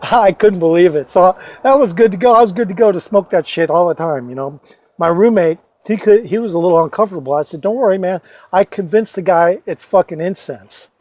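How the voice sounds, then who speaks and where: A man telling rambling personal stories into his phone, swearing often and filling pauses with "uh" and "you know". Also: high-pitched, darkish tone. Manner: profane, rambling, many fillers and restarts. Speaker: storyteller vlogger. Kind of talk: casual rambling storytelling.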